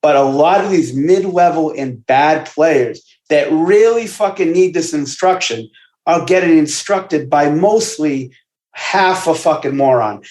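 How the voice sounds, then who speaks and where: A man who works as a basketball trainer, guesting on a casual podcast and telling stories in a profane, animated way. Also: fairly high pitch. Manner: profane, animated storytelling with asides. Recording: roomy echo.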